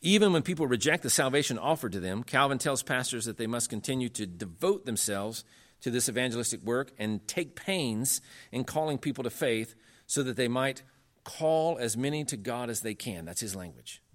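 A man's voice: animated, normal speed. Earnest male lecturer, emphatic delivery. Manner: earnest, emphatic, rising in pitch when making points; conversational with frequent fillers. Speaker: lecturer on church history.

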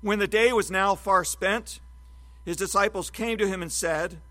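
A man with a high, forceful voice delivers an expository Bible sermon. He teaches in a measured, emphatic way, leaning hard on key words. His tone stays bright and clear throughout. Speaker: preacher.

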